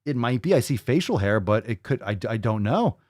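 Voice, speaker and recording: A man's voice: medium pitch, very animated, brisk, a little mellow, no room sound, clean studio sound. A man hosting a show, mocking and exasperated as he reacts to a video clip and swears freely. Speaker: host reacting to clips. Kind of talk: casual reaction commentary.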